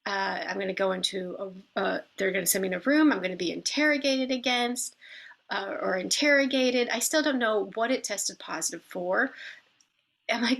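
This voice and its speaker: A middle-aged woman casually recounting a personal story, animated and acting out the people she quotes. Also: a little high, normal speed, creaky. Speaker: vlogger telling a personal story.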